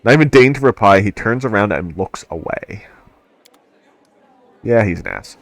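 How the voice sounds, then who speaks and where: A man's voice: fairly low pitch, lively intonation, normal speed, no room sound. A man hosting a let's play, narrating game text with casual wry asides. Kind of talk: game playthrough with read-aloud narration.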